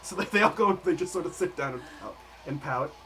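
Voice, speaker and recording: A man narrating as game master in a livestreamed tabletop game, casual and quick to laugh. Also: a little high, expressive, poor audio.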